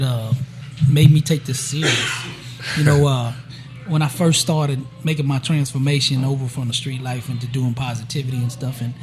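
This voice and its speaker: A man telling a personal story in a casual, animated way, acting out each quoted exchange and often checking in with his listeners. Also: mid-range voice, slight background noise. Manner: animated storyteller who acts out the quoted dialogue; frequent "right?" and "you know" to check in with listeners. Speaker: guest sharing a personal testimony.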